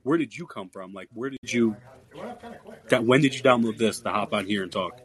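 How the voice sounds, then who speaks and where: A man's voice: fairly low pitch, brisk, slightly rough. A man hosting a live call-in basketball podcast, taking callers one after another. He is blunt and easily irritated, and he stumbles through repeated words before getting his point out. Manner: blunt, irritated, stammering restarts. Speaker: podcast host. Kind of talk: live call-in sports chat.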